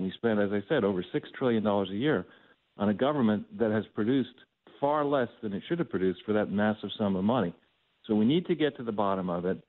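A man calling in as a talk radio guest, talking in a roundabout way with frequent fillers. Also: fairly low pitch. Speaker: phone-in guest. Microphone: telephone. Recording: tinny phone line.

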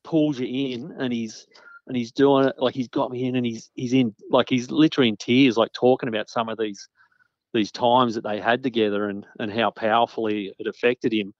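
A guest journalist recalls interviews in a casual chat, rambling with many restarts and fillers. His mid-range voice is brisk with fairly even intonation, no echo, and dull lo-fi sound.

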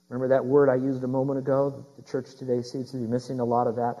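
A man preaching a sermon as pastor, talking straight to his congregation with questions and building to loud, emphatic preaching. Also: mid-range voice, brisk, few pauses, slightly rough.

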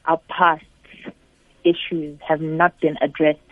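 A woman's voice: deep voice, level tone, takes it slowly, no echo. A woman, a guest musician, giving thoughtful, hesitant, earnest answers in an interview. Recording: tinny phone-like line.

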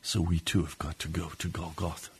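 A man's voice: low-pitched, little pitch movement, brisk, a little mellow, husky. A man preaching on a radio broadcast, leading a fervent, pleading prayer that swells and drops. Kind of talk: sermon prayer.

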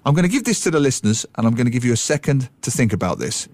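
A man talking on the radio with a lot of swing in his pitch, playful and animated as he slips into little imitations. The sound is close and dry, with no room around it. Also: racing, dry recording. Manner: animated, playful, mimics voices and accents. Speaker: radio co-host, language commentator. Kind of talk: casual radio chat.

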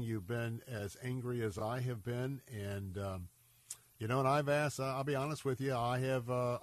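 A man's voice: medium pitch, no room sound. Male radio host pleading for donations, earnest and urgent, a bit congested and scratchy, dry studio mic. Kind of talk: radio fundraising appeal.

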